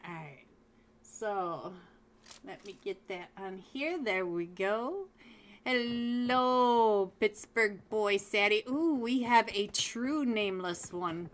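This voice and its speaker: A young woman casting a live esports match, chatty and quick to laugh, calling out players by name. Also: mid-range voice, expressive, fairly bright tone, slight background noise. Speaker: esports caster. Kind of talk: live game commentary.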